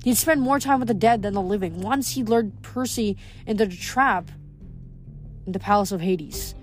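Woman reading a book aloud, plain even narration, faint music behind. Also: medium pitch, moderate pace. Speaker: reader.

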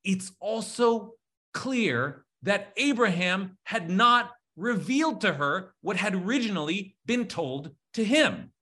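Guy teaching a class, super animated, pitch jumping all over, bright ringing voice, keeps restarting sentences. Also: slow pace. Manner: animated, excited, frequent restarts and filler "like". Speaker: teacher leading a text study class. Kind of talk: lively classroom lecture.

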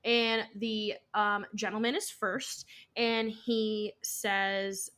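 A young woman co-hosting a podcast, retelling a story in a lively, casual way, swearing freely and acting out the people she quotes. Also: mid-range voice, drawn-out words. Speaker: podcast co-host.

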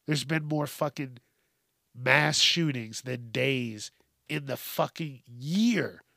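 A man's voice: medium pitch, slow pace, vocal fry, sharp tone, dry recording, clean studio sound. A man hosting a podcast, ranting with heated, sweary sarcasm. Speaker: podcast host. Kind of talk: profane comedic rant.

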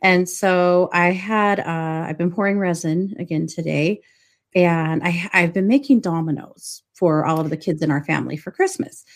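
A woman's voice: fairly low pitch, moderate pace. A woman co-hosting a live podcast stream, chatting casually, laughing often and trailing off with fillers. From United States. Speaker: podcast co-host.

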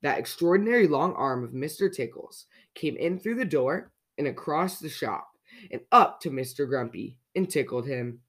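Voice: medium pitch, expressive, moderate pace, fairly bright tone. A storyteller reading a children's picture book aloud, playfully asking young listeners questions along the way.

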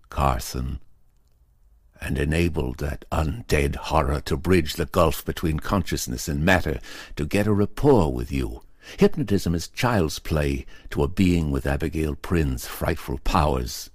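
A man's voice: a bass voice, expressive, unhurried, a little mellow, no room sound, studio quality, exaggerated voice. A man voicing a grave male occult investigator who warns with solemn urgency in an audiobook reading. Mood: ominous. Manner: solemn, pleading and ominous.

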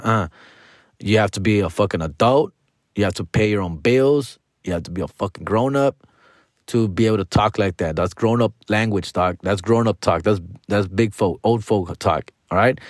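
A man's voice: on the low side, normal speed, no room sound. Man in his forties, podcast host, casual profane monologue, slang and Spanish phrases, dry close sound. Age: 40s. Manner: profane, slangy, frequently addresses listeners as dog and fool.

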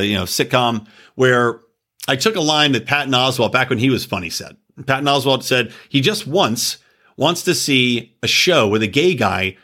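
Animated, bright-voiced man ranting. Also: mid-range voice. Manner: animated, profane, digressive. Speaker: podcast host. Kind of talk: casual opinion rant.

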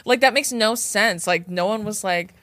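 A young woman hosting a podcast, telling stories in emphatic, animated casual chat with lots of filler words. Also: medium pitch, moderate pace, no room sound, studio quality. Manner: animated, emphatic storyteller, heavy filler use. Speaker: podcast host.

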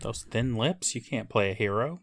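A man's voice: mid-range voice, animated, moderate pace, no room sound. A man co-hosting a casual podcast, adding dry, wry comments. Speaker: podcast co-host.

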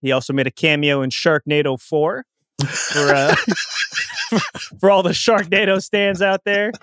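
Man, young adult, casual show host, rambling, somewhat high voice, dry close sound. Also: steady tone, moderate pace, a bit bright, smooth, no echo. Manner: rambling with frequent restarts and chuckles. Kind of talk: casual wrestling talk chat.

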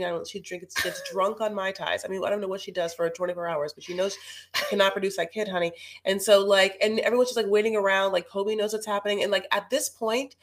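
A woman's voice: on the low side, a bit bright. A woman co-hosting a podcast, chatting casually and gossiping with lots of fillers. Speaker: podcast co-host. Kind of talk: casual recap chat.

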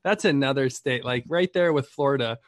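A man's voice: medium pitch, fairly quick, dry recording, clean studio sound. Chatty man hosting a business talk show. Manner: chatty, rambling, laughs often. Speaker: podcast host, Medicare marketer. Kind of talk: casual chat.

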